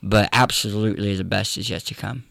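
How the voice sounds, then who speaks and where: Guy w a slight lisp, lowish gravelly voice, dry close sound, earnest n halting. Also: steady tone, a bit bright, dry recording. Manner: earnest, halting, many restarts. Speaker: guest, comedian and preacher. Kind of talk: reflective interview storytelling.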